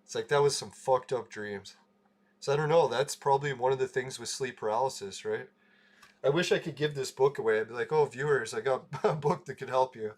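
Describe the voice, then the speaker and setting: A man's voice: medium pitch, a little fast. A man hosting a casual livestream, telling a rambling story, laughing and swearing freely. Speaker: livestream host.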